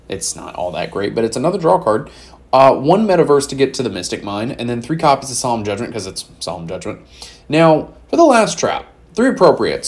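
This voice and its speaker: A male YouTuber talking through a card deck in his own casual way. He swears freely and his voice swings from loud, excited bursts down to low, mumbled asides. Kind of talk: casual profanity-laced deck profile.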